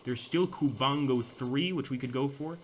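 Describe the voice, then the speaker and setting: This gameplay commentator, a young man, keeps up relaxed, chatty talk over a strategy war game, restarting sentences and using fillers as he thinks aloud. His voice is medium-pitched at a moderate pace, with slight background noise behind it.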